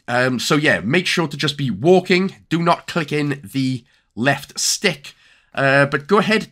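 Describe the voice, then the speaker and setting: A young man with a Welsh accent narrates a game walkthrough. His voice is bright and lively, with pitch that jumps around. He jokes and fills pauses with "um" and "uh" as he gives directions. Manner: chatty and jokey, with filler-heavy instructions. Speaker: gaming YouTuber.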